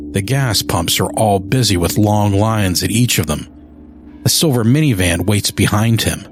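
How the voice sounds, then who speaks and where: A man narrating a scripted audio drama in a slow, measured storytelling manner. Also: low-pitched. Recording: music bed behind narration.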